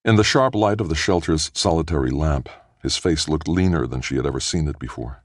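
Male audiobook narrator, very deep voice, dry close recording, steady measured reading. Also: no echo. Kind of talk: scripted narration.

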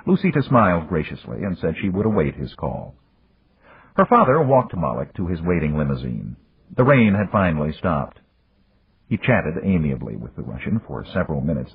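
A man narrating an audiobook with measured, even storytelling. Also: sits low, creaky, breathy edge, no room sound. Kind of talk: scripted narration. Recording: dry, tinny phone-like audio.

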